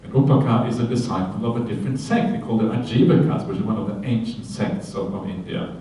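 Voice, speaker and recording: A man, a Buddhist monk, giving a conversational Dharma talk at a retreat, with many fillers and "yeah?" tags, breaking into lively quoted voices. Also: lowish voice, fast, slight background noise. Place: retreat hall. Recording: very echoey hall, voice from far off.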